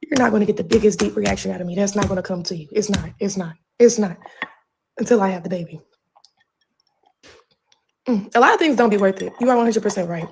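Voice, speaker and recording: A woman's voice: mid-range voice, fast, creaky, pauses often, darkish tone, a little hiss or hum. A pregnant woman ranting on a livestream from home, profane and confrontational with a drawling delivery.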